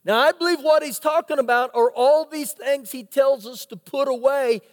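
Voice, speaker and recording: High-voiced preacher in a reverberant hall. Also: male voice, moderate pace. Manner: dramatic storytelling with rhetorical questions. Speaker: pastor. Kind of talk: sermon. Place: church sanctuary. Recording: long reverb of a church hall.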